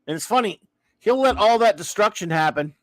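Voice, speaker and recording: A man's voice: high voice, lively intonation, brisk, dry recording. A man hosting a casual live chat show, ranting and breaking off to read viewer comments aloud. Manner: ranting, restarting sentences, reading chat aloud. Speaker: host.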